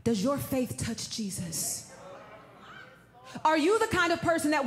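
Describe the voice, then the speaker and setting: A woman preaches in a high voice, folksy and direct with the crowd. She drops to hushed tones and rises to shouts. The sound carries a roomy echo. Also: big pitch swings, unhurried, long pauses. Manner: folksy, addresses the audience as y'all, swings from hushed to shouting. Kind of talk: sermon with storytelling.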